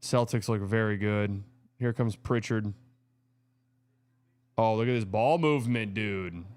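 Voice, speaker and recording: Excitable man calling a game live. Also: on the low side, unhurried, no echo. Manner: excitable, loud reactions to plays. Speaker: show host. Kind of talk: live game watch-party commentary.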